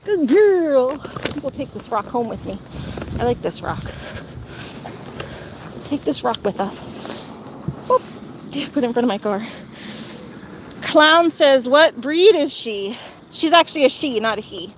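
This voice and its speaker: A woman's voice: a little high, expressive, a little slow, pauses often, fairly bright tone, a little hiss or hum. Young woman streamer, casual rambly chat, faint outdoor ambience behind her. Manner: rambling, lots of "like" and "um", answers viewer comments.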